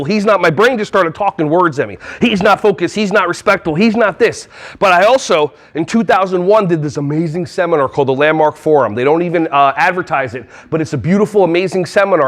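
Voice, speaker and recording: A man giving a lively, jokey talk at a conference hall on a wireless mic, often acting out little voices. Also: sits high. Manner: playful, jokey, acts out voices. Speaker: conference speaker. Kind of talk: energetic live workshop talk.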